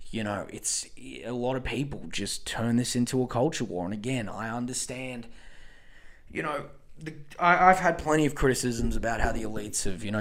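A man hosting a podcast, giving casual political commentary in a rambling, profane rant full of fillers and restarts. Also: lowish voice. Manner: profane, rambling, animated rants with many fillers. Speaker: podcast host.

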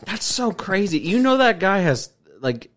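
A man hosting a casual podcast chat, excitable and repeating himself, swearing often. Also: high voice, a little slow. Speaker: podcast host.

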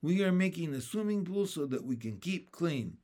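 A man's voice: on the high side, animated, normal speed, darkish tone. Sensible capable girl, as a man reads her. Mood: matter-of-fact.

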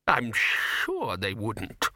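A man's voice: on the low side, huge pitch swings, extremely slow, sharp tone, no room sound, clean studio sound, exaggerated voice. A man voicing a nervous, fussy wizard bursar who talks hesitantly and trails off. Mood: fretting.

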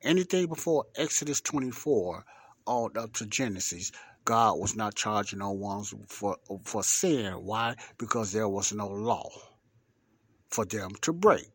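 A man giving a podcast Bible teaching. He reads scripture slowly and deliberately, repeats key words for emphasis and asks rhetorical questions. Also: lowish voice, fairly bright tone, no room sound.

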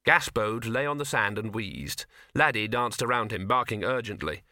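A man's voice: lowish voice, animated, normal speed, sharp tone, no room sound. A man narrating a comic fantasy audiobook in a dry storytelling manner. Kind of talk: scripted narration.

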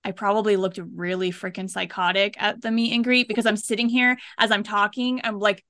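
A woman's voice: mid-range voice, steady tone, brisk, fairly bright tone, no echo. A woman co-hosting a casual chat, rambling and chatty with many fillers.

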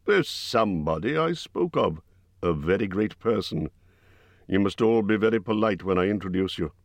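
A man's voice: fairly low pitch, expressive, moderate pace, no echo. A man voicing an old male wizard who is stern, testy and lecturing.

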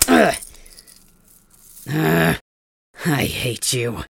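A woman's voice: low-pitched, sing-song, very slow, vocal fry, slightly rough, no echo, exaggerated voice. A woman voicing a proud, angry young captive male dragon king who snarls and grunts defiantly in an ASMR audio role-play. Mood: defiant pain.

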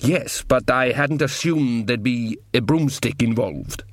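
A man voicing a nervous, put-upon male dwarf in a storybook reading, talking slowly and miserably. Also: mid-range voice, dry recording, clean studio sound, close to an everyday voice.

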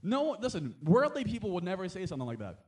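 A young man preaching a sermon as a pastor, conversational and animated, with quick asides and frequent laughs. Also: sits high.

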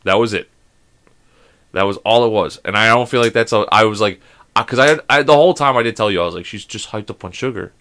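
Here a male podcast co-host, his voice on the low side, fast and smooth, spins a meandering story during casual conversation. He performs the dialogue with lively energy and keeps restarting his sentences.

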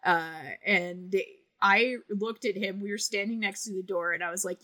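A woman hosting a podcast in casual chat. She tells stories in an animated way and swears freely. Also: mid-range voice, moderate pace, no echo. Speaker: podcast host.

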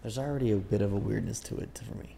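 Gravelly low-voiced man chatting casually. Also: quick pace, background noise. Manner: rambling, thinks aloud with many fillers. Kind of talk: casual chat.

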